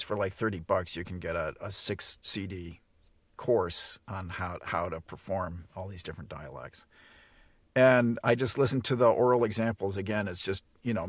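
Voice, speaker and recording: A man's voice: lowish voice, dry recording. A middle-aged man from the Chicago area, an audiobook narrator, speaking in a standard American accent and chatting casually in an interview, often stumbling and repeating words as he starts sentences. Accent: none; standard American English. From Chicago area, USA.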